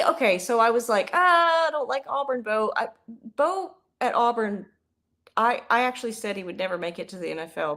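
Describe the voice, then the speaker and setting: Calling a football game live on her stream, a young host keeps things loose and talkative, wandering off topic and then erupting into excited shouts. Her voice is mid-range.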